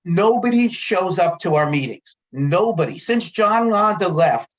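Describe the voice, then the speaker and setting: A man's voice: high voice, lively intonation, unhurried. A man in a town meeting room, worked up and frustrated, circling back to the same points again and again. His voice comes through dull, lo-fi meeting audio. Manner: frustrated, heated, repeats himself. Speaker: resident speaking at a town committee meeting. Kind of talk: public comment at a meeting.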